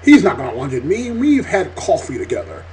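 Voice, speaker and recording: Dude playing a cocky know-it-all, brushing everyone off, fairly high mellow voice. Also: male voice, huge pitch swings, brisk, faint music behind. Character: smug ignorant know-it-all man.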